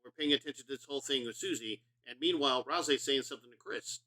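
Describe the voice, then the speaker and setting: A man's voice: medium pitch, quick pace, pushed and bright. A middle-aged man streaming a video game, rambling and profane in casual commentary, self-mocking as he talks.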